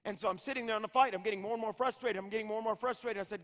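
A man's voice: high voice, fairly even intonation, rapid-fire, few pauses, a bit bright. A middle-aged man, an evangelist, preaching a revival sermon with impassioned, rhythmic repetition. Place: large church hall. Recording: long hall reverb.

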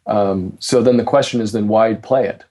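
Male musician, lowish pitch, hesitant, chatty, frequent um and uh. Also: a little mellow, slightly rough. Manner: hesitant, many restarts, laughs easily. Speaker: jazz musician and teacher. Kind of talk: casual conversation about practice.

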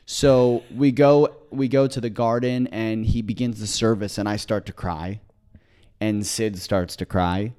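Podcast guy rambling thru a story, excited, keeps restarting. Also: lowish voice, a little slow, smooth. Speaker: podcast co-host. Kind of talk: casual storytelling chat.

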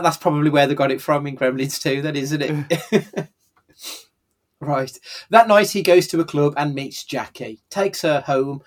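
Sweary man reviewing films. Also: a little high. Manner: sweary, animated, laughing often. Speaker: podcast co-host. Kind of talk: casual film review chat.

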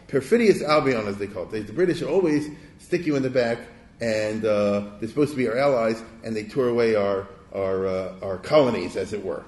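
A man's voice: lowish voice, fairly quick, darkish tone. A man giving a lecture in a conversational, digressive way, often checking in with his audience with rhetorical questions. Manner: digressive, with restarts. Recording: echoey room.

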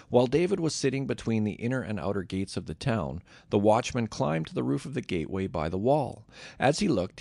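Gravelly low-voiced man reading scripture. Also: dry recording. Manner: steady, measured reading. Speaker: scripture reader.

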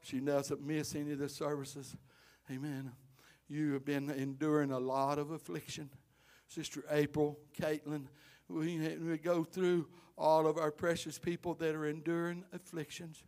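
A male pastor, preaching a sermon that swells from quiet storytelling into loud, shouted exhortation. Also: a little high, flat delivery, measured pace.

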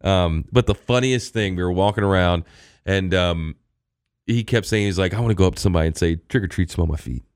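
A man co-hosting a local radio talk show, telling a story in a casual, chatty way and quoting people in lively voices. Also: low-pitched, brisk, clear, resonant tone, no echo.

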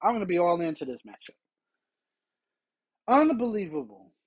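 A man's voice: high voice, big pitch swings, moderate pace, breathy edge, lo-fi sound. A man hosting a solo sports podcast, ranting with exasperated rhetorical questions. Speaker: podcast host.

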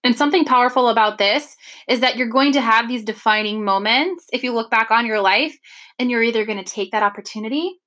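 A woman's voice: on the high side, fairly quick, bright, forceful tone. A woman co-hosting a podcast in casual chat, talking chattily with lots of "like" and "oh my gosh". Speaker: podcast co-host.

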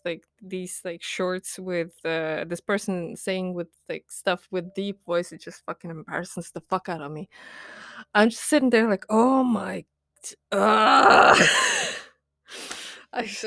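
A woman's voice: lowish voice, dry recording, studio quality. A young adult woman hosting a podcast, ranting casually in a diary style, rambling with lots of fillers, laughing often and poking fun at herself. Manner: self-mocking, candid. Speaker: podcast host.

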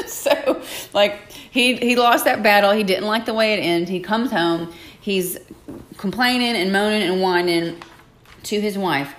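A woman's voice: medium pitch, animated, normal speed, fairly bright tone. A woman hosting a podcast, retelling a Bible story in a playful, dramatic way, acting out the characters and laughing often. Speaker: podcast host.

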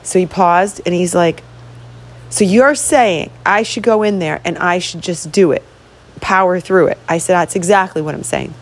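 A woman's voice: lowish voice, normal speed. A middle-aged woman, a host and coach, telling a story in an earnest, motivational way and acting out both sides of a conversation. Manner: earnest, motivational, retells dialogue. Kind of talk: storytelling monologue.

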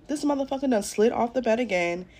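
This young woman's voice is a little high and a little mellow, fast and animated. She hosts a laid-back storytime vlog from home while doing her makeup, addressing viewers directly in a blunt, profane way.

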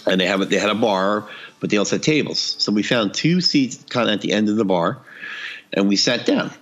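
A man's voice: on the low side, lively intonation, a little fast. A man casually telling a funny story on a podcast, acting out the dialogue and laughing often.

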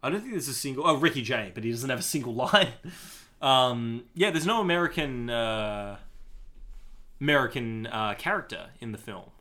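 A man co-hosting a casual film podcast, talking in an animated, enthusiastic way with frequent fillers. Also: medium pitch, moderate pace. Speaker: podcast co-host.

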